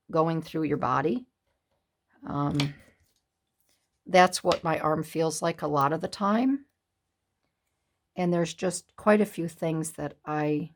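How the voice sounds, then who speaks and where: A woman in her sixties chatting to camera as a craft vlogger, halting and upset, with many pauses and restarts. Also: sits low. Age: 60s. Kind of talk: casual chat to camera.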